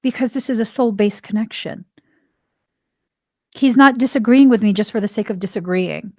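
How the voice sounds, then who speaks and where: A woman's voice: medium pitch, normal speed, dry recording, studio quality. A woman hosting a spiritual podcast, talking casually, laughing often and acting out the voices of people she quotes. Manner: chatty, laughs often, acts out quoted dialogue. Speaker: podcast host.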